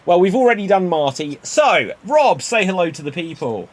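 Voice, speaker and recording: A man with a high-sitting voice and big pitch swings, speaking at normal speed, hosts a live-streamed improv comedy show through a webcam mic on a video call. His banter is upbeat, playful, and full of jokes.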